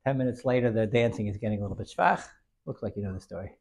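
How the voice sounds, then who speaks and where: A man's voice: on the low side, racing, creaky, a little mellow. A man telling a Hasidic story in an informal lesson, rambling with many restarts and dropping in Yiddish and Hebrew terms.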